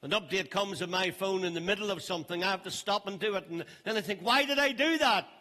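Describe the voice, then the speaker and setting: An older man preaching a sermon as pastor, emphatic and stressing phrases slowly. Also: high voice, pushed and bright. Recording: long reverb of a large hall.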